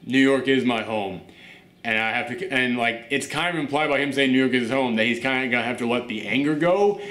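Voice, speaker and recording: A man hosting a casual reaction show, talking in an animated, chatty way with lots of fillers. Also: medium pitch, fast, reverberant. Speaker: host.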